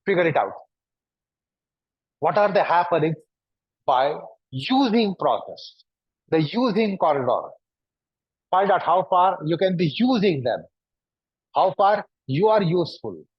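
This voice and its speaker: A man leads a yoga class in a husky, somewhat raised voice, circling back to the same questions again and again. The recording is dull and lo-fi, with a close, dry sound. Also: high voice, sing-song, measured pace, long pauses, no room sound. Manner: repetitive, probing rhetorical questions. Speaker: yoga teacher. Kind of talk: instructing a class.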